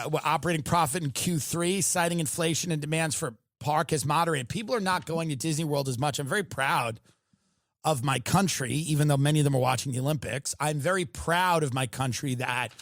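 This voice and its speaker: A man hosting a comedy podcast, ranting in an animated, sarcastic and profane way. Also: a little high, no echo, clean studio sound. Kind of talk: comedic rant.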